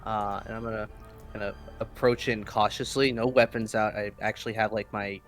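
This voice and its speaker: A man's voice: lowish voice, steady tone, fairly quick, a bit bright, soft background music. A man playing a tabletop game in a casual style, describing his actions with fillers and laughing easily. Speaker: player.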